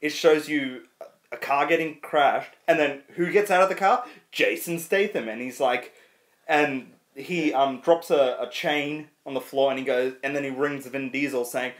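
A man's voice: mid-range voice, measured pace, reverberant. A man co-hosting a podcast, chatting casually through a film review, swearing freely and laughing often. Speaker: podcast co-host.

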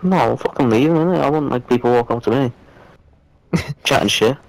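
A man's voice: medium pitch, brisk, creaky, no room sound, poor audio. A young man in crude casual banter over a headset, swearing freely and laughing, blunt in how he talks. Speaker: friend in an online gaming chat.

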